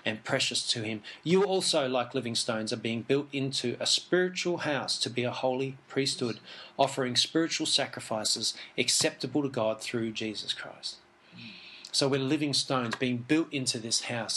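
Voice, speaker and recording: A man giving a relaxed Bible teaching, reading passages aloud and commenting in an easygoing, chuckling way. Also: medium pitch. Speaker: Christian teacher.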